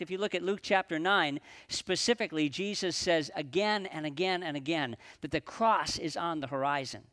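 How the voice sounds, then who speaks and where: A man preaching a sermon as pastor at a live church service, earnest, slowing down and dropping his voice for emphasis. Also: high voice, fairly bright tone.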